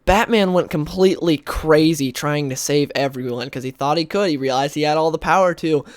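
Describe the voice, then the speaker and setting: A man's voice: on the high side, a little fast, no room sound, clean studio sound. Man casually recapping comic stories. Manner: rambling, lots of "like" and "uh"; briefly acts out characters' lines. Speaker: comic book video host. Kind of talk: casual spoken story recap.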